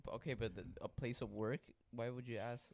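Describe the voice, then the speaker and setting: A man's voice: medium pitch, fairly even intonation, fairly quick, a little mellow, a little hiss or hum. Man bantering and swearing on a podcast. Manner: profane, laughing banter. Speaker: podcast co-host. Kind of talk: casual chat.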